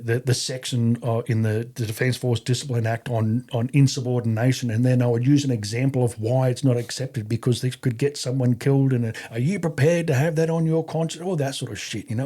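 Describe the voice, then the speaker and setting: A middle-aged Australian man tells a story as a podcast guest. His voice is warm and mellow, sitting at an ordinary pitch. He talks bluntly, swears freely and rambles with restarts. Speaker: podcast guest, army veteran. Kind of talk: casual anecdotal storytelling.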